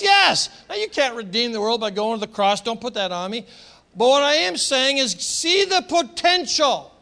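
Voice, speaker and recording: High, bright-voiced man preaching passionately. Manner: passionate, emphatic preaching with repetitions. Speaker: pastor. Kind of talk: sermon.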